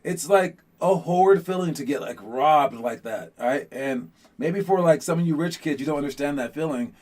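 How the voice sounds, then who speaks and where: A man hosting a casual motivational talk on a podcast, rambling and animated with lots of fillers, who grew up in Los Angeles. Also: on the high side, normal speed. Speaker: podcast host.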